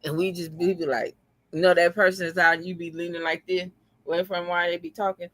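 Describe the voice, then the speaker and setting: Bright animated talker, dry close sound. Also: mid-range voice, fairly quick, no room sound. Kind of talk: casual chat.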